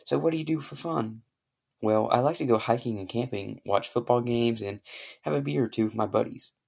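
A man voicing a laid-back American software engineer who talks in relaxed, slangy phrases. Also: medium pitch, a little fast, gravelly, breathy edge. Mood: teasing.

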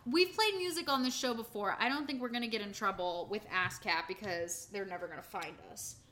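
A woman's voice: medium pitch, fairly quick, sharp tone. A woman co-hosting a podcast in a bubbly, giggly casual chat, swearing casually. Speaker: podcast co-host.

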